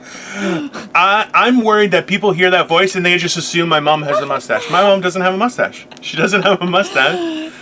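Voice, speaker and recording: A man co-hosting a podcast in casual comedic chat, telling animated jokey stories and acting out other people's voices. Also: sits high, a little slow, pauses often, a little hiss or hum. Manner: animated, jokey storyteller who acts out voices. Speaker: podcast co-host.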